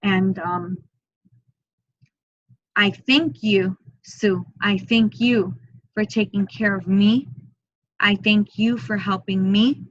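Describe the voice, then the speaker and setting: Soft-spoken woman medium, dull lo-fi sound. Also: mid-range voice, steady tone, dry recording. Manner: soft, slow and repetitive, speaking in first person for the spirit. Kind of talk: online group mediumship reading.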